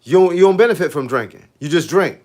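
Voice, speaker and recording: Animated man in his fifties. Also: on the high side, fast talker. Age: 50s. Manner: animated, storytelling, reading out viewer comments. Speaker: fitness coach. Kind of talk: casual livestream chat.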